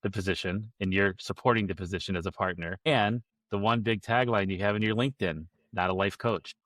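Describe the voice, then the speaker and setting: Male podcast host, low voice, wry and understated, no room sound. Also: steady tone, a little fast, a bit bright, no room sound. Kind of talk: interview questions.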